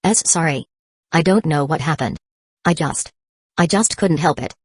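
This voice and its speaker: An awkward teenage boy stammers out apologies, as a woman narrator reads him. The voice stays low and plain, with a dry, close sound. It suits a storybook audiobook. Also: normal speed, slightly rough, dry recording. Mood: apologetic.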